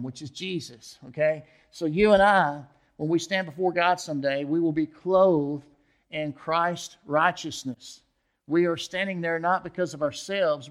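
A man preaching an expository sermon as pastor, often asking the listeners questions and checking in with them. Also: fairly high pitch.

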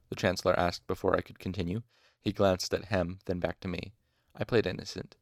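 Low gravelly male audiobook reader. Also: little pitch movement, fairly quick, dry recording, clean studio sound. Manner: casual asides, mild exasperation at hard names. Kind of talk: fan audiobook narration.

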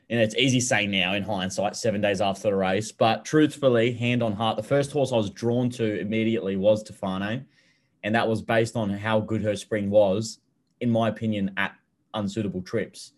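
Speaking at a moderate pace in a fairly low voice, this young Australian podcast co-host chats loosely on a betting show. His manner is relaxed, with frequent laughter, casual swearing and repeated words.

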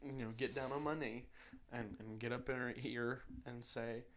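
An earnest young man with a mid-pitched voice chats casually on a podcast. He talks in a reflective way and slips into acted-out dialogue as he tells his stories. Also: fairly even intonation, normal speed, fairly bright tone. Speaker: podcast co-host. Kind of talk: casual chat.

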